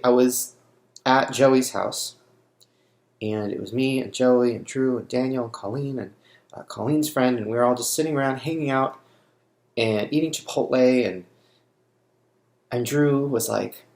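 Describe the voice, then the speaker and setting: A young man in an emotional personal vlog, speaking through grief in halting, broken sentences. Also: medium pitch, vocal fry, darkish tone, reverberant. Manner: grieving, halting, restarts often. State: shaken by grief. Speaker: vlogger.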